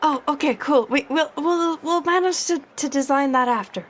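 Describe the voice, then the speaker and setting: A woman's voice: high voice, normal speed, slight background noise. A woman playing a tabletop role-playing game, talking eagerly and chattily as she describes her character's ideas. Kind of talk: casual in-character banter.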